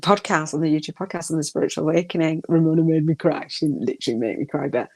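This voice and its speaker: A woman's voice: deep voice, steady tone, fast, gravelly, a little mellow. A middle-aged woman hosting a spiritual podcast, talking casually in a rambling, emotional way with many restarts. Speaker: podcast host.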